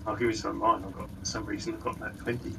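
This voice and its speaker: Bright-voiced hesitant gamer, sits away from the mic, faint hiss. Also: male voice, fairly low pitch, level tone, very fast, gravelly, recorded from a distance, rough recording. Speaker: player. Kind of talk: casual game chat.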